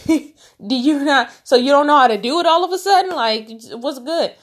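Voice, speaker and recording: A woman doing an exasperated male teacher who scolds his students in a raised voice. He fires off rapid, incredulous questions one after another. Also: sits high, voice pushed up, close to an everyday voice.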